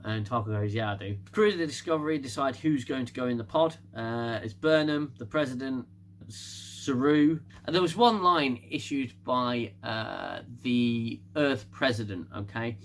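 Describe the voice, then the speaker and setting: A man's voice: mid-range voice, measured pace, slight background noise. Chatty man laughing through a recap. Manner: chatty, laughs often, rambling with restarts. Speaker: TV show reviewer. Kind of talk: casual spoken episode recap.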